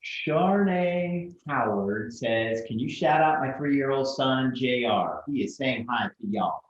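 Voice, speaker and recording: A man's voice: mid-range voice, expressive, takes it slowly. A man co-hosting a livestream, reading viewer comments in a playful, chatty way. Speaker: co-host. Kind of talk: livestream banter. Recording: roomy, dull lo-fi sound.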